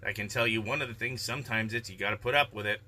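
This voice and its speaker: A man giving calm, measured, reflective life advice in a casual daily vlog monologue. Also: on the low side, a little hiss or hum.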